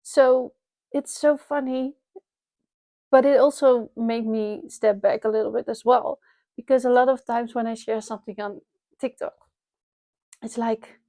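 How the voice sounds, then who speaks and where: A woman's voice: fairly high pitch, fairly even intonation, unhurried, darkish tone, no echo. Dutch-accented woman, candid and rambling. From Netherlands. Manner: candid, rambling, self-reflective with frequent restarts and laughs. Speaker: vlogger. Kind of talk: unscripted personal vlog. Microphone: wireless lapel mic.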